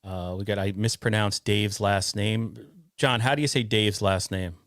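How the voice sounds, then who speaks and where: A man's voice: lowish voice, fairly even intonation, fairly bright tone, no echo. Rambling male podcast host, dry sound. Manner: rambling, halting, reads out comments. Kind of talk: casual podcast chat reading the live chat.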